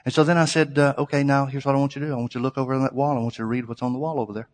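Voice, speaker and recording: Male preacher, mid-pitched, chatty anecdotes building to forceful exhortation; reverberant hall sound. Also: flat delivery, rapid-fire. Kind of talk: sermon with storytelling.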